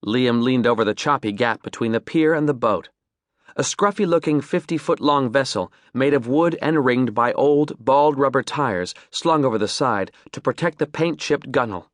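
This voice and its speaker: A man reading an audiobook as narrator, in measured, descriptive storytelling. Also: mid-range voice, no echo, studio quality. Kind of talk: scripted narration.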